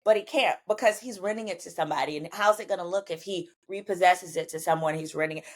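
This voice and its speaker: A woman with a Southern US accent and a fairly low voice, appearing as a podcast guest, tells a personal story at a quick pace. Animated and emphatic in casual chat, she acts out the dialogue she quotes and curses freely.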